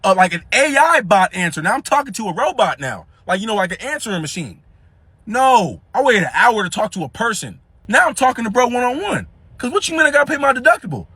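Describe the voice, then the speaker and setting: A young man casually telling a story in slangy, animated speech, acting out the dialogue. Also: high voice, fairly quick, breathy edge, no room sound.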